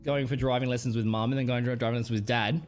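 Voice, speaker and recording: A man's voice: mid-range voice, steady tone, racing, soft background music. A young Australian man streaming live, rambling through casual stories with plenty of swearing. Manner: rambling, profane storytelling. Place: home streaming setup.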